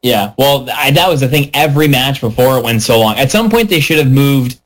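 A man telling a story in a casual podcast chat. He plays up the quoted voices in his anecdote, and his voice sits at a middle pitch. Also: lively intonation, a little fast, poor audio.

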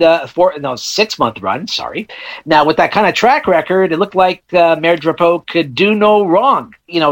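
A man's voice: on the high side, fairly bright tone. A man, talking on radio about a book in a chatty, storytelling way with small slips. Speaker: book reviewer guest. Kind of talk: conversational book segment.

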